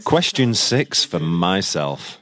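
A man's voice: low voice, big pitch swings, takes it slowly, fairly bright tone. A man on a casual podcast quiz, wry and swearing freely. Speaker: podcast co-host, quiz contestant.

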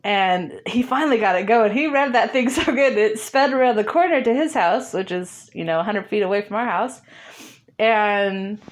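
A woman speaks as an interview guest, telling a personal story in a relaxed, chatty way. She laughs often and acts out remembered conversations as she goes. Her voice sits at a middle pitch for a woman. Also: moderate pace. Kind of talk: casual storytelling.

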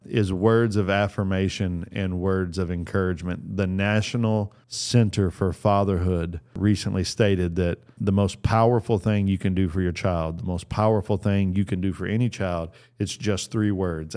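A man's voice: low voice, steady tone, moderate pace, hardly any pauses, darkish tone. A middle-aged man giving an earnest, sermon-style talk on fatherhood, repeating his phrases for emphasis. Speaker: speaker on fatherhood.

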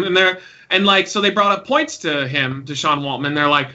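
High bright guy on a podcast, animated storyteller, swears a lot. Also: fast, hardly any pauses, lo-fi sound. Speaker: podcast co-host. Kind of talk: casual chat.

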